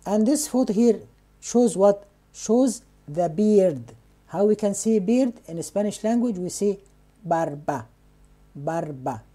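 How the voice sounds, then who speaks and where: Slow-spoken woman teaching vocabulary. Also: medium pitch, animated, dark tone, slightly rough. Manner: repeats each word slowly, asks and answers her own questions. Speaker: Spanish teacher.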